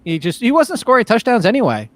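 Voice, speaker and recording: A man analyzing fantasy football in casual podcast chat, blunt, tired and quick to laugh. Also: very high voice, wildly swooping pitch, a bit bright. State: tired, yawning.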